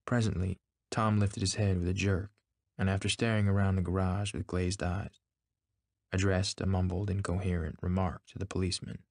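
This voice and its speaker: A man narrating a novel in a measured, steady reading. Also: sits low, no room sound, studio quality. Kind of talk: scripted narration.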